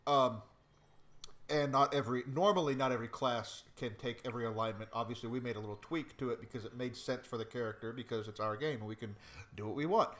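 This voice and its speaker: A man's voice: medium pitch, fast talker, a bit bright. A man narrating and explaining rules as game master of a tabletop role-playing game, talking with many fillers and restarts.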